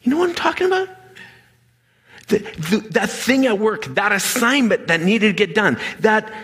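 A man's voice: high voice, sing-song, normal speed, a bit bright, breathy edge. A middle-aged man preaching a sermon, telling a story animatedly and dropping to a near whisper at emotional moments. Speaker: pastor. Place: large hall with audience. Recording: reverberant hall.

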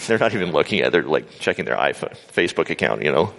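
A man's voice: a bass voice, big pitch swings, fast talker, gravelly, fairly bright tone, slight background noise. A man preaching an informal sermon to a live audience, acting out quotes and making humorous asides. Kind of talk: conversational sermon. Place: large hall with a live audience. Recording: live sermon in a reverberant hall.

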